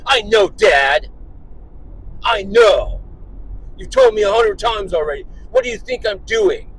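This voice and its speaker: A man's voice: medium pitch, normal speed, fairly bright tone, husky, voice pushed down, poor audio. A dad mimicking his whiny, defiant young son. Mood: indignant. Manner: indignant, talking back. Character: whiny defiant eleven-year-old boy.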